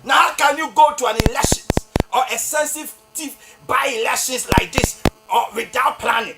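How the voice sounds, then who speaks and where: A Ghanaian man with a Ghanaian accent giving fiery political commentary on a talk show, scolding and often shouting for emphasis. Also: extremely high pitch, normal speed, over loud music. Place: radio or TV studio.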